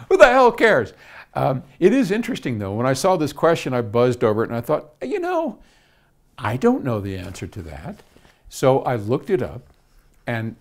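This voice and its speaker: A man's voice: on the low side, darkish tone. An older American man answering a viewer's question in a casual, chatty way, laughing at himself and often restarting his sentences. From United States. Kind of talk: casual video Q&A.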